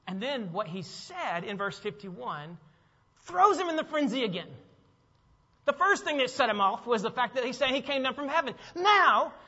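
A male pastor preaching in a church, with a high, bright, ringing voice. He is animated, acting out the people in the story and tossing questions back to the congregation. The sound carries a long hall reverb and is slightly dull and lo-fi. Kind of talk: sermon. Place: church sanctuary.

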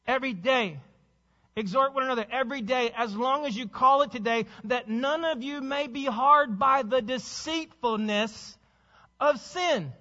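High, bright-voiced preaching man. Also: long reverb tail, dull audio. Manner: urgent, exhorting preacher with rhetorical questions. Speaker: pastor. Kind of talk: sermon.

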